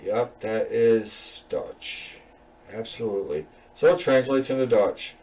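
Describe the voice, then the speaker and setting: A man's voice: fairly low pitch, expressive, takes it slowly, a little mellow, far from the mic, slight background noise, rough recording. A man student casually walking through his class programming assignment, rambling with fillers and small chuckles. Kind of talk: casual screen-recorded code walkthrough.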